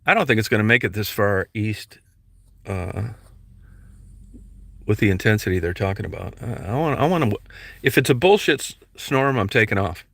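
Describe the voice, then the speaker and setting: A man's voice: lowish voice, moderate pace, creaky, long pauses, fairly bright tone, husky, no echo. A man vlogging casually while he drives his van, rambling and chatting to his dog and his viewers. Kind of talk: casual vlog while driving. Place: inside a van on a road trip. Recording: car noise under the voice. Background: car and road noise.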